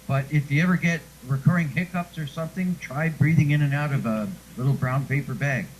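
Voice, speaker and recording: A man's voice: fairly high pitch, brisk, slight background noise, low-quality recording. A man being interviewed who once read radio news, telling chatty stories and laughing often. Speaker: guest; former radio newscaster. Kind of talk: casual chat.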